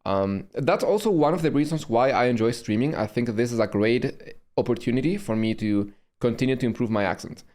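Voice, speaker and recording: German-accented guy streaming, chatting about his own vid, lots of pauses and restarts, mid-pitched voice. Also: expressive, a little mellow. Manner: halting, with frequent pauses and restarts. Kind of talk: casual stream commentary.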